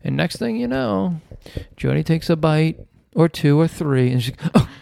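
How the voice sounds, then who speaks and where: Man, 40s, raspy co-host, animated and teasing, close dry sound. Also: on the high side, normal speed, dry recording. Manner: animated, teasing, mimics his wife. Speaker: podcast co-host. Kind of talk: casual storytelling chat.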